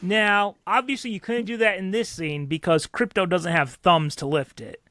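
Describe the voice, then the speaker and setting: A man's voice: high-pitched, fairly even intonation, moderate pace, sharp tone, no echo, studio quality. A man co-hosting a podcast, talking casually and rambling with fillers and restarts. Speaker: podcast co-host. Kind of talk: casual chat.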